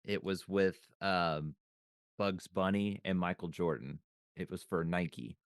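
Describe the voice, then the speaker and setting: A man's voice: low-pitched, fairly even intonation, slow pace, clean tone, dry recording, clean studio sound. A man co-hosting a podcast, chatting casually and recalling old memories aloud with restarts and trailing thoughts. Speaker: podcast co-host. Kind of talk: casual chat.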